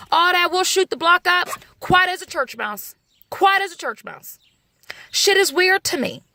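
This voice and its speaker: A mother vents straight into the camera, blunt and heavy with profanity and hard emphasis. Her voice sits high and sharp, and the recording is dry and close with no room sound. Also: no room sound. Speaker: vlogger, mother.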